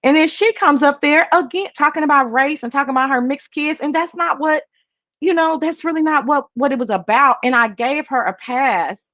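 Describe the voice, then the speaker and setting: A woman hosting a casual livestream chat and reading viewer comments. She talks in an animated, emphatic, sassy way, swinging between high exclamations and low asides. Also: moderate pace, no echo, lo-fi sound. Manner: sassy, talks straight to viewers as "girl" and "child". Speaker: livestream host.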